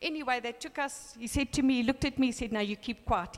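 A woman in her fifties giving a personal testimony, telling an animated story and acting out the dialogue. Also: a little high, fast, big-room sound.

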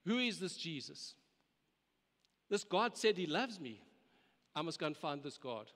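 A man's voice: a little high, big pitch swings, measured pace, fairly bright tone, heavily acted. A man doing an amazed Indian-accented worshipper. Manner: raised, wondering, emphatic repetition. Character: bewildered Hindu worshipper, a man. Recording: long hall reverb.

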